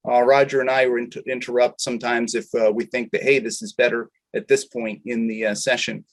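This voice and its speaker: A man's voice: mid-range voice, flat delivery. Man co-hosting a video-call webinar. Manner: hesitant, frequent filler pauses. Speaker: webinar co-host. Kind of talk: casual online meeting chat and housekeeping announcements.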